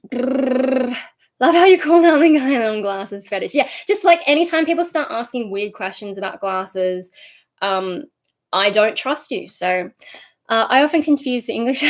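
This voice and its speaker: Rambling Sydney woman chatting on stream. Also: high voice. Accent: Sydney Australian. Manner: rambling, chatty, many ums and likes. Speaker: streamer answering chat. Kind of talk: casual livestream chat.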